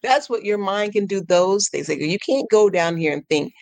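A woman coach guesting on a podcast, speaking in a lively, animated way, laughing often and acting out her inner voice in playful high tones. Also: normal speed, no room sound. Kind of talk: casual podcast interview.

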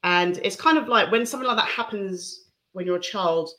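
A woman's voice: medium pitch, a little fast. Candid woman sharing her story. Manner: candid and reflective, with soft laughs. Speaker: interview guest. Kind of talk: personal testimony in conversation.

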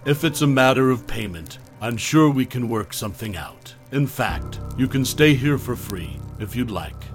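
Sugary overbearing older woman host as a man reads her, mid pitch, soft, faint music. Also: expressive, moderate pace, lightly acted. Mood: insistent. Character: insistent older woman innkeeper, sweetly pushy.

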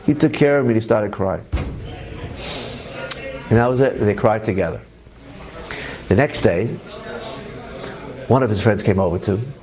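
A man's voice: lowish voice, measured pace, pauses often, crowd noise. A man, a rabbi, telling a story to a class in a conversational way and acting out the voices of the people in it. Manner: conversational, informal phrasing.

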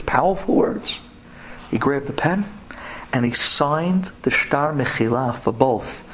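A man's voice: on the high side, slight background noise. A middle-aged man tells an inspirational story to a women's audience, acting out the voices with big dramatic swings.

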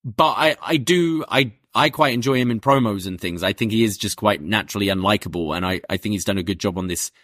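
A man with a lowish voice co-hosts a casual review chat. He tells the story of the show with energy. The sound is dry and close-miked. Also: fast, hardly any pauses, no echo. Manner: animated storytelling recap. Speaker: podcast co-host.

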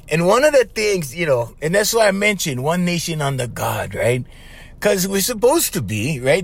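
A man's voice: fairly high pitch, fairly bright tone. A man with a Hawaiian Pidgin-influenced accent hosting a casual podcast monologue, laughing often and repeating himself. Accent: Hawaiian Pidgin-influenced English. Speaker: podcast host.

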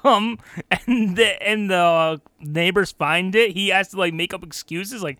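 Bright playful woman riffing. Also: medium pitch, measured pace, dry recording, studio quality. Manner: playful, acts out silly characters. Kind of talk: casual comedic chat.

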